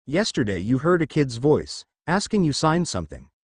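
A man's voice: medium pitch, big pitch swings, moderate pace, breathy edge, no room sound. A haughty teenage boy who calls everyone lesser beings, read out by a man. The voice rises and falls a lot, and the sound is close and dry. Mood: contemptuous. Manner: scornful, condescending. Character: arrogant teenage boy who thinks he is a god.

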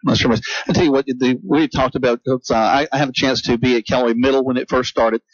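Quick folksy radio guy at halftime, lots of uhs, dry lo-fi booth sound. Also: medium pitch, steady tone, no echo. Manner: folksy, halting with many fillers. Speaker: radio sports host. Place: press box booth at a football stadium. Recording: dull lo-fi broadcast audio, dry booth.

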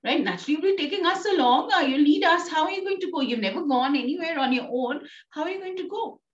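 Woman teacher voicing a young daughter, high-pitched, fretful, Indian English accent, dull recording. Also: lively intonation, quick pace. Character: anxious, whiny young adult daughter. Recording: distant, roomy, dull sound.

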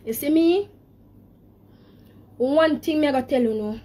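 Emotional Jamaican woman, high voice. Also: normal speed, mellow. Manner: emotional, speaks in patois. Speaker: live-streamer. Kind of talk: emotional live-stream talk.

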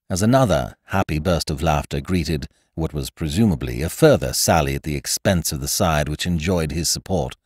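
A man and podcast host reading a classic comic story aloud in first person, with wry, expressive storytelling. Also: a bass voice, normal speed, no echo, studio quality. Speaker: audiobook narrator and podcast host. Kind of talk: scripted storybook narration.

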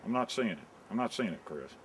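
A man's voice: fairly low pitch, animated, a little fast, a bit bright, husky. A man giving a mock-serious nature walk outdoors on a trail, with dry, jokey guide patter. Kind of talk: deadpan comic narration. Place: outdoors on a wooded hiking trail.

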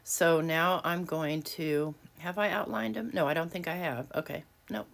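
Woman, low pitch, casual craft tutorial host, chatty, laughs at herself. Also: normal speed, creaky. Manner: chatty, self-deprecating, laughs often. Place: home craft desk, early morning.

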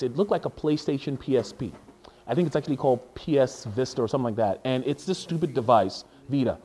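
A man preaching a sermon as a pastor, animated and jokey, often stopping to repeat and restart his words. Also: mid-range voice.

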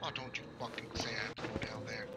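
A man's voice: on the low side, flat delivery, fast talker, very noisy. A man giving casual, profane commentary while playing a horror game, joking and reacting aloud. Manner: profane, swearing often. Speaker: gaming YouTuber. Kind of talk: casual Let's Play commentary.

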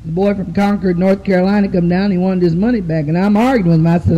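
A woman's voice: fairly low pitch, steady tone, quick pace, dull audio. Brassy woman telling bawdy jokes. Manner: brassy, laughing through the punchlines. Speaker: stand-up comedian. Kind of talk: bawdy stand-up storytelling.

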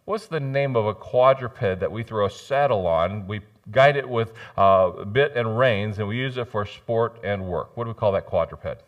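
A man preaching a sermon in a church, joking and swinging between loud bursts and quiet asides. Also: on the low side, normal speed, few pauses, highs cut off. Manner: animated, jokey preaching with sudden loud rises and soft drops. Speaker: pastor. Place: church sanctuary.

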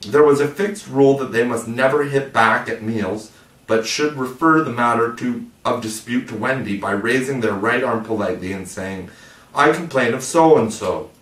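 A man reading a storybook aloud in a measured, expressive way. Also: medium pitch. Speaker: audiobook narrator. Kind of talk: storybook narration. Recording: roomy, distant mic.

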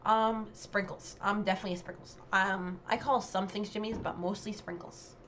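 A woman's voice: mid-range voice, steady tone, moderate pace, fairly bright tone, a little hiss or hum. A woman vlogger giving casual commentary on a dialect quiz, chatty and hesitant, with many ums and self-corrections.

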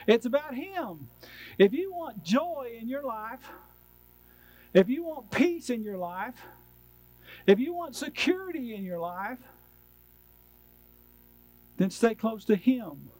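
A man's voice: extremely high pitch, expressive, slow, long pauses, low-quality recording. A male pastor preaching a sermon in a church, driving his points home with repeated refrains.

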